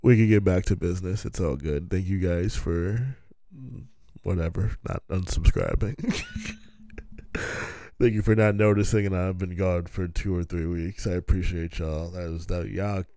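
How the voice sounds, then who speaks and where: Slow-talking profane podcast host, man. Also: sits low, no echo. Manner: animated, profane, riffing with laughs. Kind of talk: rambling comic monologue.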